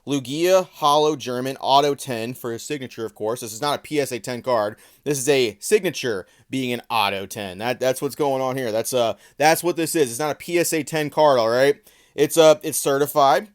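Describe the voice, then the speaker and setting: A man's voice: mid-range voice, moderate pace, smooth. A man giving sarcastic, profane commentary on trading card listings in a casual vlog.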